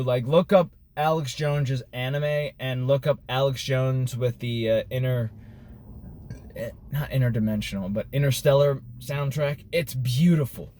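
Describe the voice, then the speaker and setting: A man in a casual vlog, talking in a soft, relaxed and rambling way, recorded outdoors near traffic. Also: mid-range voice, dry recording. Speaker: vlogger.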